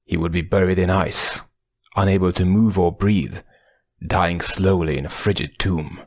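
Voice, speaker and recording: A man reading an adventure audiobook as narrator, in a measured, dramatic storytelling manner. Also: low-pitched, fairly even intonation, dry recording, clean studio sound. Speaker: audiobook reader.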